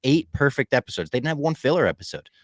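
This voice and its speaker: A man co-hosting a podcast, recapping a TV finale in casual chat, animated and swinging from loud outbursts to low asides. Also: fast, dry recording. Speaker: podcast co-host.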